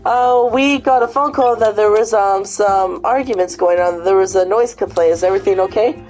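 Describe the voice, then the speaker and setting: A woman's voice: mid-range voice, normal speed, darkish tone, natural voice. A polite, businesslike police officer checks on a noise complaint, as a woman puts him on. The voice stays close to her own, with only faint music behind. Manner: matter-of-fact, polite.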